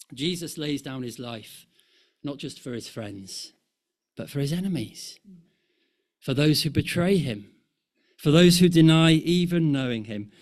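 Slow, impassioned male preacher. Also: medium pitch. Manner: slow, rhythmic, swelling and dropping to near-hush. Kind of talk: sermon.

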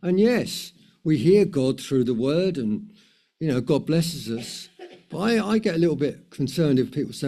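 A man's voice: fairly high pitch, big pitch swings, moderate pace, dark tone. A man preaching a sermon in a conversational way, with many fillers and repetitions.

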